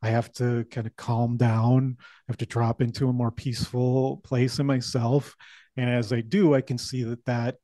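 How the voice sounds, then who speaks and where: A man's voice: medium pitch, little pitch movement, moderate pace, dark tone, dry recording. A man in casual conversation as a podcast co-host, speaking thoughtfully and a little hesitantly, often restarting his sentences.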